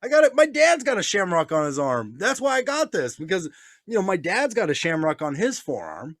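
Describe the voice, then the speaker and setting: A man's voice: high-pitched, sing-song, a little fast, fairly bright tone, no echo. A man telling stories in casual chat, swearing often, laughing, and acting out what others said. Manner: profane, laughing, acts out voices in stories. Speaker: podcast co-host.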